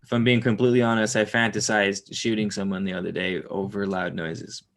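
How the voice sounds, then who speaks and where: A man's voice: lowish voice, little pitch movement, brisk, fairly bright tone. A young man reading a book aloud on a live stream, drifting into rambling, swearing asides and chatting with viewers.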